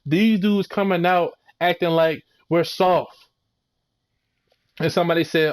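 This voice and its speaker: A man's voice: on the high side, steady tone, unhurried, pauses often, smooth. A young man giving a heated, rambling and profane recap of a football game. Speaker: sports fan video creator.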